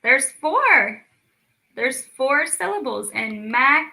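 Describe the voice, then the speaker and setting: Bright, slow-talking woman teaching children. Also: high voice, sing-song, vocal fry, poor audio. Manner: slow, drawn-out words for children, encouraging. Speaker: speech clinic storytime teacher. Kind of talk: children's lesson, clapping out syllables.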